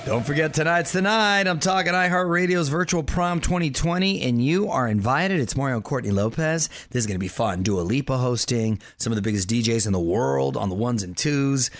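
A man hosting a radio show in a studio, quick and upbeat with casual banter. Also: medium pitch. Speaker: radio host.

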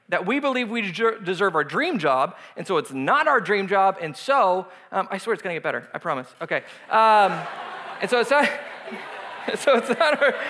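A man with a high, bright voice delivers a sermon in a loose, conversational storytelling manner. He jokes and laughs with the room as he goes. The sound carries a long hall reverb. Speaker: pastor.

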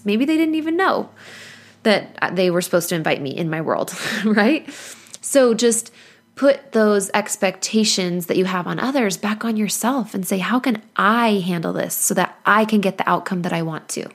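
A woman's voice: medium pitch, animated, moderate pace. A woman hosting a motivational podcast as a life coach, talking in an earnest, encouraging way with playful asides and frequent laughs.

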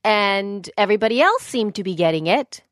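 A woman co-hosting a podcast at a middle pitch, rambling through stories with plenty of fillers. She pokes fun at herself in easy, casual chat. The sound is close and dry. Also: expressive, fairly quick, no room sound. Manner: chatty, self-deprecating, rambling with fillers. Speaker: podcast co-host.

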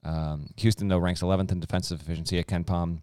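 Brief: man, low smooth voice, podcast co-host, teasing betting analysis. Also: fairly even intonation, quick pace, warm tone, no echo, clean studio sound. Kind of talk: casual sports chat.

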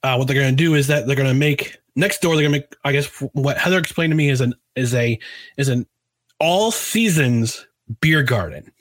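A man's voice: mid-range voice, brisk, dry recording. A man hosting a casual podcast talk show, chatting loosely with many restarts while he drinks a beer. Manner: rambling, lots of restarts. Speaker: podcast host.

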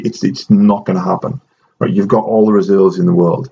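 A man's voice: level tone, brisk, gravelly, warm tone. A man hosting a casual podcast chat, explaining with frequent restarts. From Ireland. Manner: chatty, restarts often, explaining. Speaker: host. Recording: dull low-fidelity audio with faint noise.

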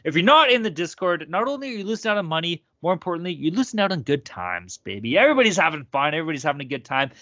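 Male sports podcast host, amped and cussing, high lively voice, dry slightly dull recording. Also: racing, hardly any pauses, no room sound. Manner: loud, profane, hyped-up. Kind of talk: rowdy sports betting podcast banter.

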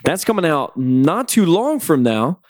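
Relaxed man hosting a podcast. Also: a little high, a little slow, no echo, studio quality. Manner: relaxed, conversational. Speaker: podcast host. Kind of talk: casual chat about games and film news.

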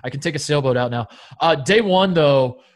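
Man from indiana, podcast co-host, casual chat, slightly high voice, animated storytelling, swears a lot. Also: normal speed, slight background noise.

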